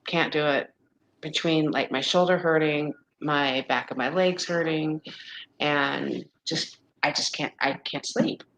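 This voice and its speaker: Weary low-voiced woman in her fifties. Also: steady tone, a little slow, a bit bright, slight background noise, rough recording. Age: 50s. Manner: rambling and exasperated, lots of restarts and "like"; weary, complaining of exhaustion. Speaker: woman talking with a friend about menopause. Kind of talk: casual chat.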